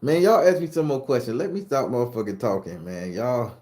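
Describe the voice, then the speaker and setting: A middle-aged man from southern Florida, USA, who hosts a spooky-story channel, chats casually with live viewers and answers them, joking in a loose, profane way. His medium-pitched voice is brisk and warm, and the sound is roomy.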